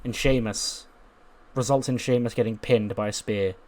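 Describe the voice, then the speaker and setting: A man hosting a gaming video, recapping events in an animated, casual way with lots of fillers. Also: lowish voice, moderate pace. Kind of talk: casual game commentary.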